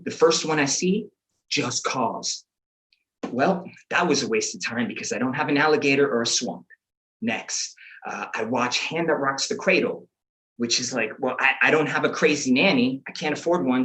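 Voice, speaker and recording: A man tells a comic story from his own life. He is animated, jumping into his younger self's inner voice with lively asides. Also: medium pitch, moderate pace, a little hiss or hum.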